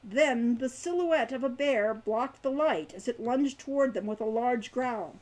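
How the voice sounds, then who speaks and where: A woman reading her own fantasy novel aloud in a measured, expressive way. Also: a little high, low-quality recording.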